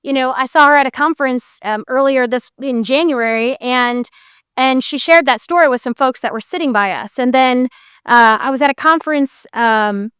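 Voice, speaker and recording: A woman guest tells personal stories in an animated, chatty way and slips into the voices of the people she quotes. Her voice sits high and rings clear. The close mic gives a dry sound. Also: moderate pace, no echo. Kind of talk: conversational storytelling.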